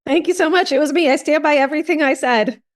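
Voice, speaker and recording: A woman's voice: high-pitched, fast. A woman from South Africa, a comedian guest on a podcast, bold and unapologetic.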